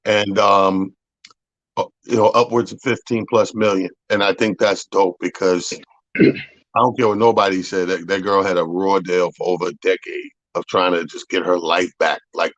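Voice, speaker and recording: A man co-hosting a radio show, chatting in a relaxed, slangy way. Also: low voice, moderate pace, no echo, highs cut off. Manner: relaxed, short affirmations, slangy. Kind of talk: casual radio chat.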